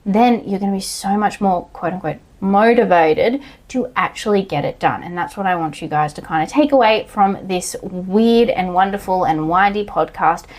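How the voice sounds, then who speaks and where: A woman's voice: mid-range voice, normal speed, few pauses. Blunt, sweary woman coaching podcast host. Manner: blunt, casual and sweary, with loud acted outbursts. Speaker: online coach and physiotherapist. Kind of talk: solo podcast monologue.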